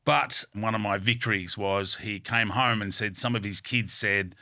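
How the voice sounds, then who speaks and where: Blunt, bright-voiced Australian man. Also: on the low side, normal speed, no room sound, studio quality. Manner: blunt, swears freely, animated with vivid metaphors. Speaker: guest. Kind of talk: candid storytelling in a podcast interview. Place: studio.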